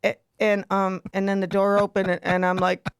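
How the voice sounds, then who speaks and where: A middle-aged woman, hosting a podcast and telling a story in a lively, laughing way. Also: medium pitch, normal speed, clean tone, dry recording, studio quality. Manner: animated, laughs a lot, acts out quotes. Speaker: podcast host. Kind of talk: casual storytelling chat.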